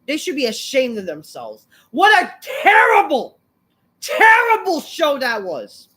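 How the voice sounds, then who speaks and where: A woman hosting a wrestling review, ranting angrily with constant swearing and bursts of shouting. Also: high voice. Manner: angry, swearing, repeating insults.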